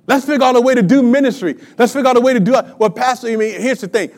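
A preacher in his fifties delivers his sermon with lively energy. His voice sits high for a man. He keeps drawing the congregation in with questions. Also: rapid-fire. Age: 50s. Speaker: pastor.

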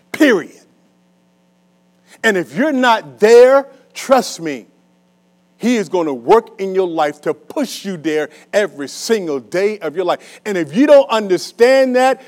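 A male pastor preaching a sermon to a congregation, animated and call-and-response, swinging between loud and soft. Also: high-pitched. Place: church hall with a congregation.

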